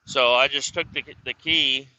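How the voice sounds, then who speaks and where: A man with a very bright, sharp, tense voice spins a rambling, profane story, stumbling over restarts and acting out who said what. It is a dull, lo-fi self recording. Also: mid-range voice, fairly even intonation, unhurried, a little hiss or hum. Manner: profane, rambling, full of restarts and acted dialogue. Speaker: vlogger telling stories. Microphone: self-recorded camera or phone mic.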